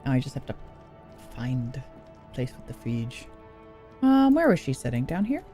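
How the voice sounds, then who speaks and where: A woman's voice: a bass voice, very animated, moderate pace, dark tone, faint music behind. A woman streaming a video game, chatty and giggly, thinking aloud. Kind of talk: casual game commentary.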